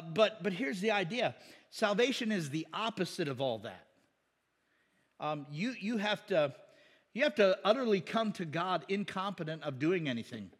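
A man's voice: a little high, breathy edge, long reverb tail. A man preaching a sermon as pastor, conversational and joking, with asides and chuckles.

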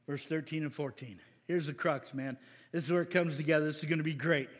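A middle-aged male pastor preaching a sermon, energetic and playful, acting out voices and asking for amens. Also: fairly high pitch, quick pace, in a large hall. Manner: energetic and playful, acts out voices, asks the crowd "Amen?".

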